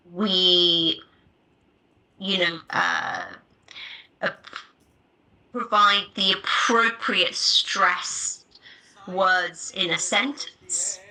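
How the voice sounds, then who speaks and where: A woman leads a live online lesson, speaking slowly and deliberately. Her voice has a bright, crisp edge, and she spells out each point plainly for her students. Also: medium pitch, poor audio. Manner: clear, deliberate explanatory delivery. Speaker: teacher. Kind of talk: live online teaching webinar.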